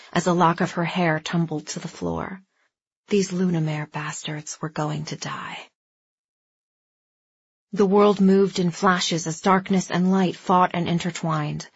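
A woman reading a story aloud as an audiobook narrator, with a steady, even delivery. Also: fairly low pitch, slightly rough. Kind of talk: scripted narration. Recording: dry, slightly dull lo-fi recording.

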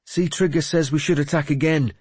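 An eager young warrior, urgent and a touch raised in pitch, as a male narrator plays him. The husky edge of the reader stays in his voice, and the sound is dry and close. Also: fairly even intonation, normal speed, a little mellow, dry recording.

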